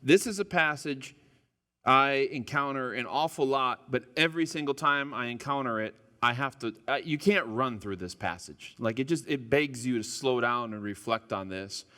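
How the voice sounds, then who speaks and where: A man's voice: medium pitch, normal speed, sharp tone. A man preaching as a pastor to a church congregation, casual and joking, with frequent stumbles and restarts. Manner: chatty and self-deprecating, stumbles and restarts. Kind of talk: casual, joking sermon opening. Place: church sanctuary. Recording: long hall reverb in a church.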